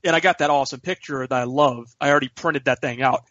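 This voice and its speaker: A man, co-hosting a podcast, telling a story in an animated way and swearing freely. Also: medium pitch, quick pace, no room sound. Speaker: podcast co-host. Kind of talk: casual storytelling chat. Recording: dull lo-fi podcast audio, dry.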